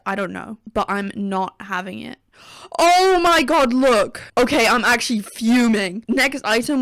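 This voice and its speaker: A young woman with a gravelly, fry-laden voice, recorded close and dry. She rants and jokes sarcastically through casual commentary and swears freely. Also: medium pitch, dry recording. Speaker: gaming video creator. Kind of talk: casual tier-list commentary.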